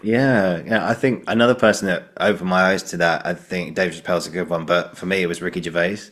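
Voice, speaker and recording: A man hosts a relaxed podcast chat in a very deep voice. He wanders through his points with plenty of "you know" and laughs as he retells jokes. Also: fast talker. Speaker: podcast host. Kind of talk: casual podcast conversation.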